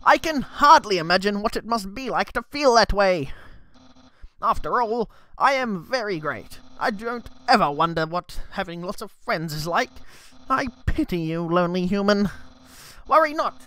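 A man voicing a loud, goofy, boastful young skeleton in a video game, making big self-important proclamations. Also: very high voice, sing-song, slow pace, voice pushed up, full character voice. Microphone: headset.

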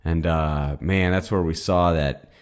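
A man's voice: low voice, fairly even intonation, unhurried, clean tone. A man co-hosting a podcast, chatting casually with frequent exclamations and swearing. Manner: exclaiming, profane. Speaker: podcast co-host. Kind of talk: casual chat.

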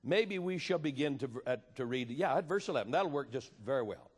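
A man preaching a sermon with passion, moving between loud appeals and hushed storytelling. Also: mid-range voice, lively intonation, fairly quick, few pauses, husky. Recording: reverberant hall.

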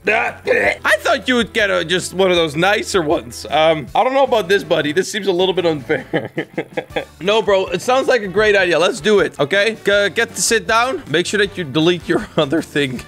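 A young man from the Netherlands giving casual, excitable gameplay commentary, laughing often and tripping over his words. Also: sits high, moderate pace, faint music behind. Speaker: gaming YouTuber.

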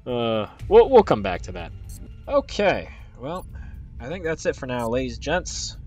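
A man's voice: mid-range voice, big pitch swings, measured pace, a little mellow, soft background music. A man hosting a video game playthrough, talking casually in a goofy, rambling way with mock-grand announcements. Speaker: let's play host. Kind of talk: casual gameplay commentary.

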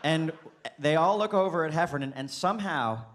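A man's voice: a little high, a little fast, a bit bright, slight background noise. A male stand-up comedian telling a story on stage, teasing his partner with exaggerated detail. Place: stage before a live audience.

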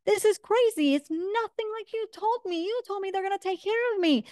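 A woman's voice: very high-pitched, fairly quick, darkish tone, dry recording, clean studio sound, pitched above the performer's own voice. A woman voicing an angry, hungry male beggar who complains indignantly while telling a story in class. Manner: exasperated, complaining.

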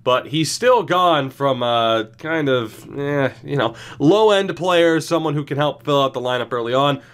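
A man's voice: on the high side, lively intonation, measured pace, a bit bright, clean tone. A young man giving casual, rambling commentary on his hockey video game season, wry and often chuckling mid-sentence. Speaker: gaming YouTuber. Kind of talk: casual franchise-mode commentary.

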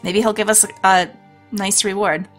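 This let's play host, a woman, reads a storybook game aloud, mixing narration with laughing, chatty asides. Her mid-range voice stays fairly flat in pitch, sounds a bit bright and runs at normal speed, with soft music in the background.

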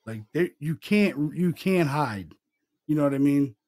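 Casual rambling middle-aged guy on a podcast, kinda high voice, cusses a lot, keeps saying dude and man. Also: animated, measured pace, darkish tone. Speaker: podcast host. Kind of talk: casual storytelling chat.

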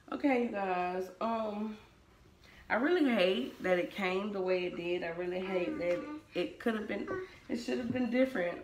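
Sassy chatty woman with a bright voice. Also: fairly low pitch, echoey room, slight background noise. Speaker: vlogger reviewing a wig-making canvas head. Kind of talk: casual chat to camera.

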